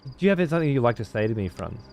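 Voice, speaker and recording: A man's voice: medium pitch, big pitch swings, racing, a little mellow, soft background music. A man giving casual gameplay commentary as a streamer, profane and sarcastic.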